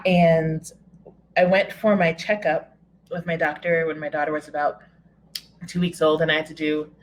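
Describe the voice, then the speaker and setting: A woman telling a personal story to an audience from home, candid and wry, with self-mocking humor and hesitant pauses. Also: deep voice, level tone, slight background noise, rough recording.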